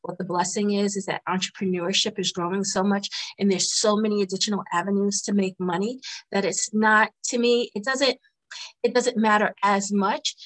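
A woman's voice: medium pitch, normal speed. Emphatic woman podcast guest. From United States. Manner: expressive, emphatic, laughs and mimics people. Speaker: attorney and business owner, guest. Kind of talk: casual interview chat.

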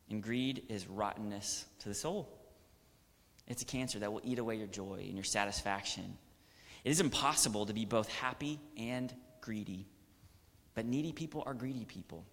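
Guy in his 30s preaching, gets loud and punchy, echoey big church. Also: fairly low pitch, moderate pace. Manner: preaching with rising, emphatic bursts. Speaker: pastor. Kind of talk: sermon. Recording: long hall reverb.

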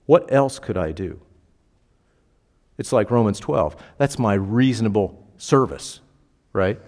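A male pastor preaching a sermon, moving between hushed reflection and rising fervent exhortation. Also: fairly low pitch, lively intonation, slow. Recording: long hall reverb.

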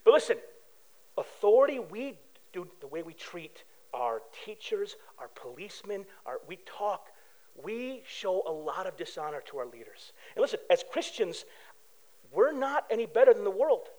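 A man from preaching a sermon as pastor, animated and telling stories with acted-out quotes. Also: high-pitched, moderate pace, rough recording.

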